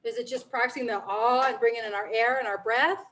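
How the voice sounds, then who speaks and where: A woman's voice: fairly high pitch, steady tone, a little fast, a bit bright, low-quality recording. Polite woman band teacher asking questions.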